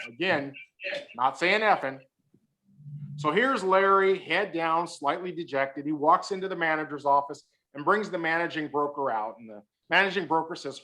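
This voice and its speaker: A man's voice: on the high side, expressive, a little fast, sharp tone. A man giving a humorous talk on a video call, teasing his listeners and telling a story with punchlines. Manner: joking, storytelling, teasing the audience. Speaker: guest speaker.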